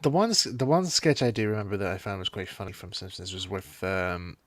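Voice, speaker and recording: A man chatting casually as co-host, retelling cartoon scenes with lively impressions. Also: low-pitched, brisk, no echo. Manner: animated storytelling with voice impressions. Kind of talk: casual chat.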